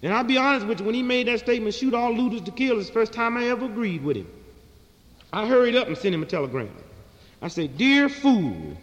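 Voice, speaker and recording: Fiery high-voiced man in an echoey hall. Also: animated, quick pace, a bit bright. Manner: fiery, preaching, sarcastic. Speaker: comedian and speaker. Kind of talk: political stand-up monologue.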